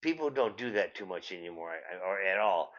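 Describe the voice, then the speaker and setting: Swearing older man ranting, bright lo-fi. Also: deep voice, animated, fairly quick. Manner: swears constantly, repeats words, trails into tangents. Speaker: show host. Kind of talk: profane comedic rant. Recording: dull lo-fi sound.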